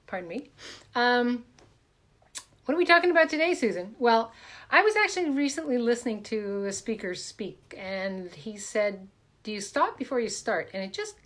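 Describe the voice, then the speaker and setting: Brief: woman, live-stream coach at home, slightly high pitch, chatty, greets viewers by name, webcam mic. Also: fairly bright tone. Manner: upbeat, greets viewers by name, repeats welcomes. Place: home, in a room.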